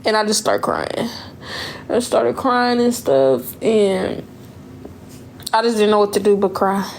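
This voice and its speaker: A woman's voice: mid-range voice, lively intonation, slow pace, creaky, a little mellow, slight background noise. A young woman, talking casually and emotionally in a storytime vlog, rambling and repeating her words. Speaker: vlogger.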